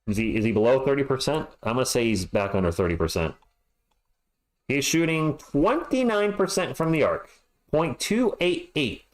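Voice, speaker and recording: A man's voice: mid-range voice, low-quality recording. A man hosting a fan livestream, reading halftime stats and chat messages with frustrated, sarcastic commentary.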